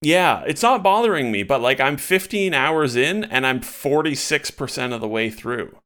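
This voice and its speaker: A man's voice: medium pitch, animated, normal speed, fairly bright tone. A man co-hosting a casual podcast chat, talking loosely and animatedly with many fillers and restarts. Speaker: podcast co-host.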